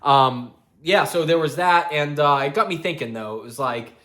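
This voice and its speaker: Man, casual vlog ramble, slightly high voice, chatty and loose, laughs and swears. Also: normal speed, fairly bright tone. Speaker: metal music vlogger.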